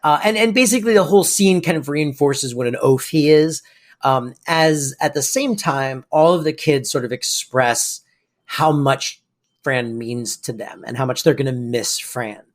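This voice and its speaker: A young man co-hosting a podcast, chatting casually and acting out lines from an episode in quick, lively bursts. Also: mid-range voice. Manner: animated, acts out quotes in quick bursts. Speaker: podcast co-host. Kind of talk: casual chat recapping a sitcom episode.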